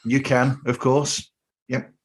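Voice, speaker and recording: A man with a Northern English accent hosting a podcast, friendly and rambling with halting restarts. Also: medium pitch, flat delivery. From north of England. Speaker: podcast host. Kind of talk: casual podcast interview.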